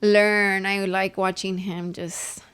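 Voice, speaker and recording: A woman's voice: medium pitch, level tone, takes it slowly, fairly bright tone, clear, resonant tone. Candid young woman in casual chat. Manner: candid, conversational, mixes in Spanish phrases. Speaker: podcast co-host.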